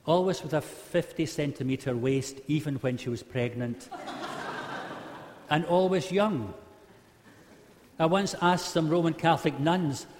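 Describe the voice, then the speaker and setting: Long hall reverb surrounds a man whose voice is a little high with a darkish tone. Preaching humorously to a live audience, he narrates a Bible story and performs its quotes in varied voices.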